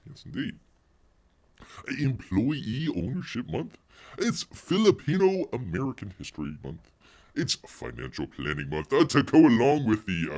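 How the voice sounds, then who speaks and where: A man's voice: medium pitch, vocal fry. A man hosting a casual live stream, rambling and joking with many fillers and repeated catchphrases. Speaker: livestream host.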